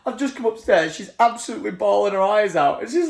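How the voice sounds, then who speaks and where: Lively chatty man vlogging. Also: fast, creaky, few pauses. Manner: chatty and jokey, lively swings in pitch. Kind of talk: casual vlog chat.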